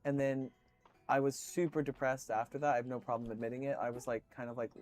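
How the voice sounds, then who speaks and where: A man's voice: medium pitch, flat delivery, quick pace, darkish tone, faint music behind. A man streaming, chatting casually with viewers, telling rambling stories full of swearing and fillers.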